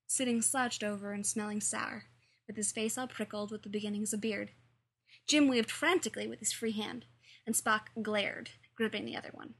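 A woman narrates a story in a light, playful way. Her voice is very bright and somewhat high, with a breathy, husky grain. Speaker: fan fiction reader and author.

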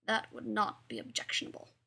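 A woman voicing a solemn little boy who speaks in a crisp, precise, flat way. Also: brisk, close to an everyday voice. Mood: prim.

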